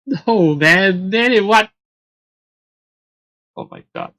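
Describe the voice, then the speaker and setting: Female let's play host, slow husky delivery, incredulous laughing commentary. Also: medium pitch, huge pitch swings, a bit bright, dull audio. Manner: incredulous, laughing, repeating "what?". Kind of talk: game commentary.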